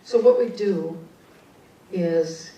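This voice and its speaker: A woman with a low, mellow voice tells a story to a conference audience in a loose, chatty way, dropping in asides and starting sentences over. She sounds distant from the mic in a reverberant hall, with a faint hiss underneath. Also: extremely slow, muffled recording. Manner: conversational, frequent "okay" asides and restarts. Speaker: conference speaker, psychic. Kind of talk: storytelling talk.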